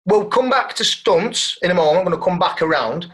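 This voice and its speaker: A man's voice: high-pitched, expressive, fairly quick, a bit bright, a little hiss or hum. A man hosting a casual interview, speaking in a friendly, encouraging way with some hesitant restarts.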